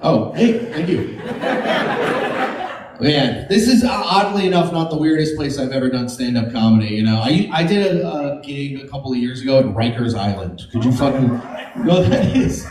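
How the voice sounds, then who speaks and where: A man performing a stand-up comedy set, animated and jumping into silly high voices for his bits. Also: normal speed, noisy background. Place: comedy club stage. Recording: echoey club from a distance with crowd laughter. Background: audience laughing.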